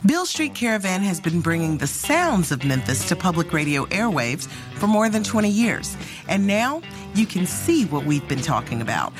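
A woman reads a scripted closing announcement in a clear, friendly way. Her voice is low, with lively rises and falls. Guitar music plays clearly behind her. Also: moderate pace.

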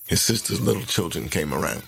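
A man narrating a story in an unhurried, folksy way. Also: deep voice, animated, creaky, fairly bright tone, a little hiss or hum.

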